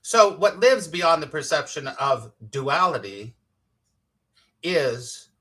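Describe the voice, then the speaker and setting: A man's voice: on the high side, animated, takes it slowly, fairly bright tone, breathy edge. A man, a spiritual teacher hosting a casual live-streamed morning talk, chatty and playful, laughing often and greeting viewers by name.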